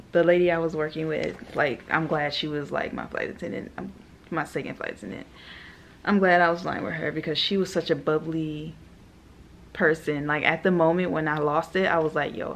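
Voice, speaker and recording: A young woman, a flight attendant, telling animated stories in a casual vlog, laughing often and quoting people. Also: low-pitched, normal speed, creaky, slight background noise.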